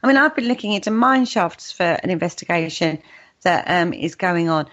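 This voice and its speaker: A woman's voice: lowish voice, animated, moderate pace, fairly bright tone. Chatty British woman hosting radio. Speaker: radio show host. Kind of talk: casual radio chat. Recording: dull lo-fi radio audio.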